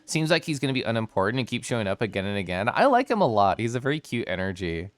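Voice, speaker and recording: Man, casual livestream chat, theatrical, lively swings in pitch, clean resonant tone. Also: quick pace, dry recording. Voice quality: bubbly, giggly, theatrical. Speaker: streamer.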